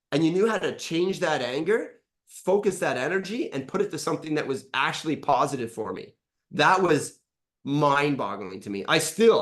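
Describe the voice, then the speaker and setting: A middle-aged man whose voice sits on the high side offers a blunt interview testimonial as a coaching client. Animated and swearing liberally, he acts out conversations he once had.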